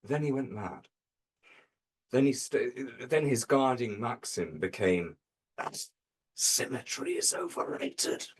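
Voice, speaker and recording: Husky man telling a dark tall tale. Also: medium pitch, lively intonation, takes it slowly. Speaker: comedy panelist.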